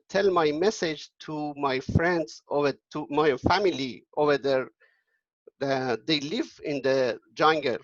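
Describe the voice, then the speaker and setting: An earnest caged parrot pleads politely for freedom, as a man telling the story puts him on. The voice sits a little high, halting and sincere. The recording is dry and a bit dull. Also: no room sound. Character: caged male pet parrot, polite and longing to fly.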